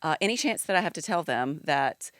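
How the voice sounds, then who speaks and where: A woman in her forties with a Southern US accent, a podcast guest chatting casually, laughing easily and filling pauses with ums. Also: low-pitched, expressive, no room sound. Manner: chatty, warm, laughs easily, many fillers. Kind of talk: casual chat.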